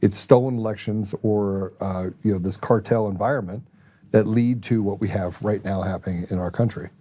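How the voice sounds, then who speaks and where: A man with a fairly low voice hosts a casual political talk show. He talks bluntly and with emphasis, hammering each point home. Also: fairly even intonation, normal speed, mellow. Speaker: host.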